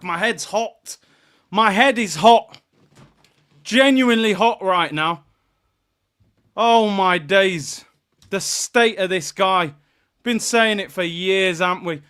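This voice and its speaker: A young man hosts a live football watchalong. His high, bright voice keeps breaking into exasperated rants and loud outbursts at his team's defending. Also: slow pace, smooth. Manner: ranting, exasperated, frequent shouting. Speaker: fan watchalong host.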